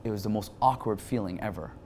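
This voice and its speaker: Guest, man in his 20s, lowish voice, animated storyteller, faint hiss on the recording. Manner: animated, quick bursts with frequent restarts. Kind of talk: emotional storytelling in an interview.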